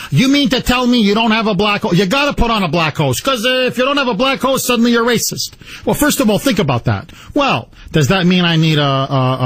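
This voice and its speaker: A male talk radio host from Canada with a fairly high, husky voice that swings up and down a great deal. He fires off sarcastic rhetorical questions in an opinionated monologue. The studio mic sounds close and dry. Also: fairly bright tone, no room sound. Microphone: studio microphone.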